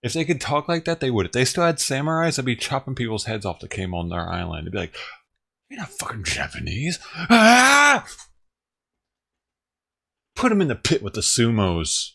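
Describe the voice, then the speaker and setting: A man's voice: medium pitch, lively intonation, fast, creaky, few pauses, a bit bright. A man ranting on his own livestream, talking casually and profanely, rambling and chuckling as he goes. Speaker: livestream streamer.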